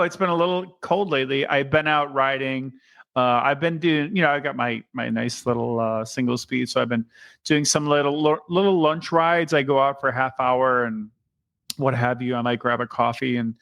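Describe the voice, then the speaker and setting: A man's voice: mid-range voice, steady tone, moderate pace, fairly bright tone, no echo. A man co-hosting a podcast in casual chat, chatty and enthusiastic, joking as he goes. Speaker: podcast co-host.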